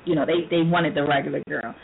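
Woman talk-radio host, lively storyteller who laughs a lot and mimics others; phone-line sound with light noise. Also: low-pitched, fast, gravelly. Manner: animated storytelling, laughs often, acts out quoted voices. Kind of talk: casual talk radio chat.

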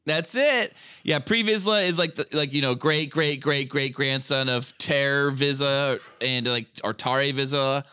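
Bright, crisp-voiced excitable man. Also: medium pitch, unhurried, few pauses, no room sound, studio quality. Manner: excitable, swears freely, rattles off fan lore. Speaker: podcast co-host. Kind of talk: casual podcast chat.

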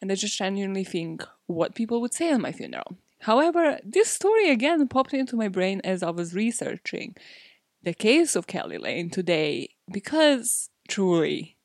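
A woman's voice: medium pitch, sing-song, normal speed, dry recording, studio quality. A woman hosting a true crime podcast, talking in a casual, candid way, with frequent fillers and swearing. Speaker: podcast host.

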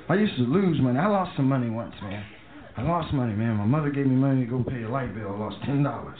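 A man's voice: medium pitch, fairly quick. A man performing a stand-up comedy set, telling loose, profane stories and acting out voices. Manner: loose, profane, animated storytelling with acted-out voices. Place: comedy club stage. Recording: echoey club over a tinny phone line with loud crowd. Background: audience laughter and room noise.

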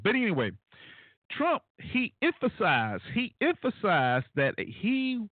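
A man hosting a call-in radio talk show, commenting alone in a casual, animated way with many fillers and asides to his listeners. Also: a little high, dry recording. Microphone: phone line. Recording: tinny phone-line radio, dry.

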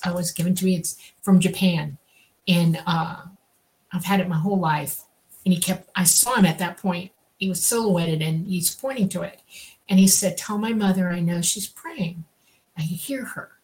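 Lower-voiced woman, calm story, a few uhs. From US state of Georgia. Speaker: podcast host. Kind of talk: casual storytelling.

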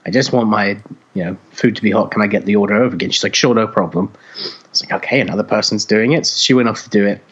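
A man co-hosting a podcast, telling a story in casual chat, animated and swearing freely as he acts out other people's voices. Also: on the low side, fast talker, breathy edge, muffled recording. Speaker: podcast co-host.

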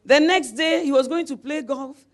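A woman's voice: high voice, moderate pace. A middle-aged woman preacher delivering a sermon, telling a personal story with laughter and calls of amen.

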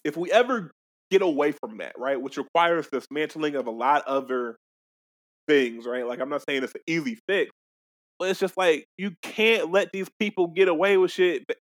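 A young man co-hosts a casual talk show, animated and quick to swear. His voice sits a little high for a man. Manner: animated, profane, laughs often. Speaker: podcast co-host. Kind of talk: casual chat.

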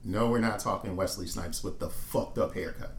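A man co-hosting a podcast, chatting casually with dry, expressive asides. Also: low-pitched, normal speed, echoey room. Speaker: podcast co-host.

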